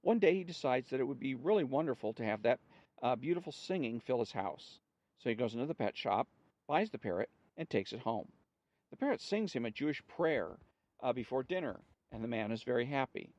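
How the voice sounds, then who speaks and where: A man hosts a story podcast, reading jokes aloud in an unhurried, conversational way. His voice sits at a middling pitch. The recording is dry and slightly muffled. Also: expressive, darkish tone, no echo.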